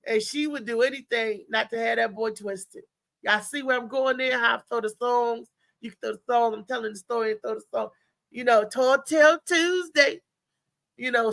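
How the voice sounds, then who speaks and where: A woman from Maryland hosts a live show and tells a long personal story. Her voice has a gravelly edge and a bright, forceful tone. The sound is dry and close, with no room around it. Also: high voice, dry recording. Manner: animated, chatty, talks to listeners as "y'all". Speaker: show host.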